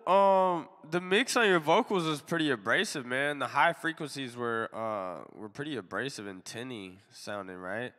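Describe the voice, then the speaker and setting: Nasal, slangy man with a bright voice. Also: mid-range voice, normal speed, hardly any pauses, long reverb tail. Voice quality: nasal from allergies. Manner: laid-back and slangy, filler-heavy. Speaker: music review show host. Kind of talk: casual live-stream music review.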